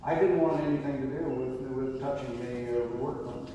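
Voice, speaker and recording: Older ex-detective telling stories in an echoey hall. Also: male voice, medium pitch, a little fast, slight background noise. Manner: animated anecdotes, frequent self-interruptions and laughs. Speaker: retired police detective. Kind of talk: interview storytelling. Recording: echoey hall, far from mic.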